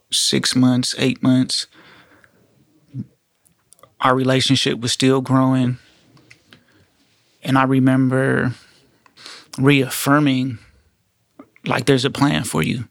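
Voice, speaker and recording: Gravelly, flat-voiced male co-host. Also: medium pitch, no echo, studio quality. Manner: supportive, encouraging. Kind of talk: casual interview chat.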